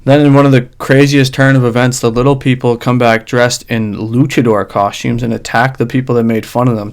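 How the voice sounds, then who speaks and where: Sarcastic man riffing on videos. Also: medium pitch. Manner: sarcastic, wry running commentary. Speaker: video host. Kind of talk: comedic music video reaction. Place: his own dark room.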